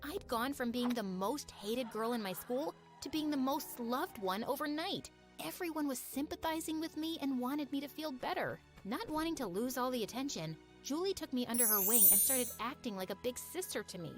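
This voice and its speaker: A woman narrating her own story in an expressive, confessional scripted storytime style, with music behind. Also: high voice, normal speed, few pauses. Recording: narration over background music.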